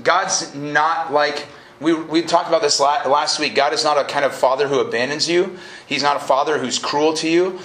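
Energetic casual man preaching a sermon. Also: fairly high pitch, normal speed. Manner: energetic, casual and jokey, rising to emphatic peaks. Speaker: pastor. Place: college event hall. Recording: live room echo, faint noise.

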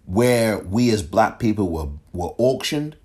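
A man hosting a political podcast, talking solo in an emphatic, animated way and often breaking off and restarting. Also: lowish voice, measured pace. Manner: animated, emphatic, self-interrupting. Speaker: podcast host.

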